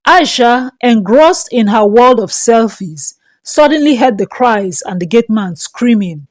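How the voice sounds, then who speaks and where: Woman, folktale narrator, steady dramatic delivery, fairly high voice, dry sound. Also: measured pace, no room sound. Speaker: storyteller.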